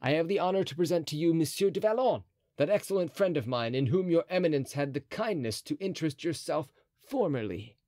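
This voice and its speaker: A man's voice: a little high, expressive, a little fast, darkish tone, no room sound, voice pushed up, close to an everyday voice. A man voicing a bold, mocking young Gascon swordsman in an audiobook, speaking with teasing courtesy.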